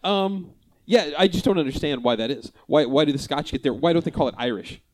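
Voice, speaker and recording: A man's voice: on the high side, a little fast. A man in casual chat, rambling and poking fun at himself. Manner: rambling, self-mocking.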